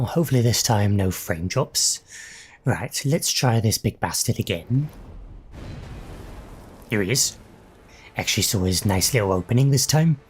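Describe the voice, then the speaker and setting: A man's voice: on the low side, a little hiss or hum. A young adult man casually commentating his own gameplay, swearing and reacting aloud as he fights. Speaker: gaming channel host.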